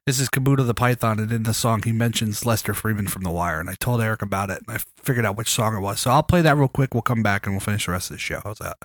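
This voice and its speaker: A man's voice: on the low side, very fast, few pauses, no echo, studio quality. A man co-hosting a podcast in casual chat, joking and swearing as he tells stories. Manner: profane, joking, animated storytelling. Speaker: podcast co-host.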